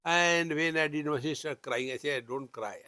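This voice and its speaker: A man's voice: on the high side, steady tone, brisk, sharp tone, clear, resonant tone, dry recording. Man, Indian English accent, spiritual teacher, chants Sanskrit then explains, dry close sound. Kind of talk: scripture discourse.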